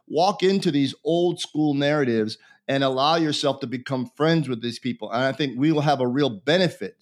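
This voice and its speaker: A bishop being interviewed, a man who talks in an earnest, preacherly way and repeats phrases for emphasis. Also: medium pitch. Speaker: bishop, guest. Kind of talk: conversational religious interview.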